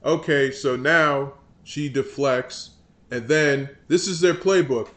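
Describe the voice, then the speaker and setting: A man's voice: medium pitch, slow pace, fairly bright tone. A man hosting political commentary, ranting in an exasperated, scornful and rambling way.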